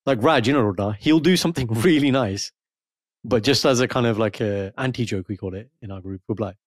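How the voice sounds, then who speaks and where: A man co-hosting a podcast in casual chat, teasing and animated, acting out playful quotes. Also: medium pitch, brisk, no echo, studio quality. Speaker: podcast co-host.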